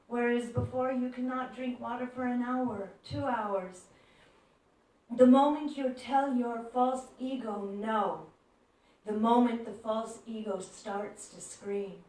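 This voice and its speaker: A woman giving a devotional talk, telling stories gently and acting out the voices in them. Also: fairly high pitch, steady tone, slow pace. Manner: gentle storyteller who acts out quoted voices. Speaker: devotional speaker. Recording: echoey room, far from mic.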